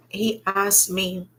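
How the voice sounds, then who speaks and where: A woman telling a personal story, halting and reflective, with many pauses and fillers. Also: mid-range voice, pushed and bright, breathy edge. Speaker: vlogger sharing her own story.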